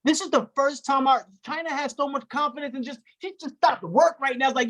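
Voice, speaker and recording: Animated host on a group video call. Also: fast talker. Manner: animated, shifting pitch, slangy, talks to the group directly.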